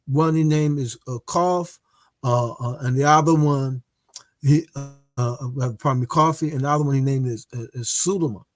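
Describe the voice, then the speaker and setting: Man lecturing with many pauses. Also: fairly high pitch, darkish tone, dry recording. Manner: hesitant, many filler pauses and restarts. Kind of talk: religious history lecture.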